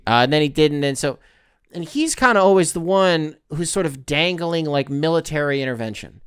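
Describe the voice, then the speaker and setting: A man's voice: fairly high pitch, lively intonation, moderate pace, clear, resonant tone, dry recording, clean studio sound. A man hosting his own podcast, talking alone in a rambling, profane, tongue-in-cheek way. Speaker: podcast host. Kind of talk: casual solo commentary.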